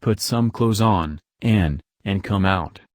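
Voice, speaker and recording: A man's voice: fairly low pitch, takes it slowly, no room sound, clean studio sound. A man reading as an urgent, reckless young lover.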